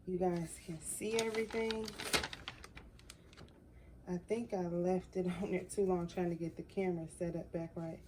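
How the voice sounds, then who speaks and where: A woman's voice: mid-range voice, background noise. A young adult woman chatting casually to her viewers while working on a craft project, reacting openly as she goes. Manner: chatty, talks to viewers as "y'all", emotional reactions. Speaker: crafting vlogger.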